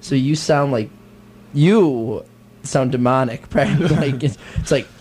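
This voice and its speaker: A man's voice: medium pitch, a little slow, darkish tone, husky. A man co-hosting a comedy radio show, chatting casually in hesitant, trailing phrases.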